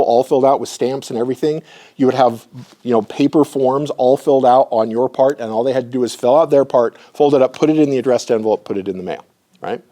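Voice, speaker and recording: A middle-aged man giving a live lecture with personal stories to an audience in a room, conversational and often clearing his throat. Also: medium pitch, warm tone.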